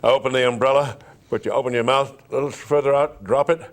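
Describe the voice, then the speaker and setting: A man's voice: medium pitch, fast talker. A man being interviewed, telling stories animatedly and walking the listener through breathing and voice exercises. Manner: animated storyteller who demonstrates vocal exercises aloud. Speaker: interview guest, stage performer. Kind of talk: conversational interview.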